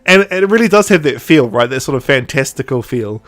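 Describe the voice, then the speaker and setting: Here a man with a medium-pitched voice moves briskly through a story on his podcast. Chatty and animated, he performs the quoted lines and breaks into laughs.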